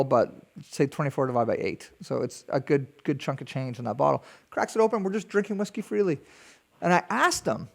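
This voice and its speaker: A man hosting a podcast, telling a story in a chatty, animated way with small laughs. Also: a little high, creaky. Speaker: podcast host. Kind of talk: casual storytelling.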